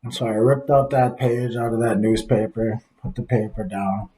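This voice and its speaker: A man speaking earnestly from his office, telling a reflective personal story as a father in recovery, with pauses along the way. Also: on the low side, fairly even intonation, dark tone, rough recording.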